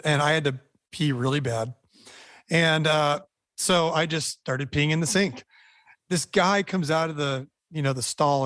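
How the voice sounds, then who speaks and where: A man, a band member, recalling a wild night in a rambling, animated way. His voice is a touch higher than most and sounds close and dry, with no room around it. He stumbles over words and restarts often. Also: dry recording. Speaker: band member recounting a story. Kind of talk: casual storytelling.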